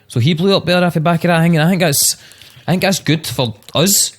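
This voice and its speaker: A young man with a Glaswegian accent in casual podcast chat, telling animated, sweary stories. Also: on the high side, brisk. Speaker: podcast co-speaker on rap.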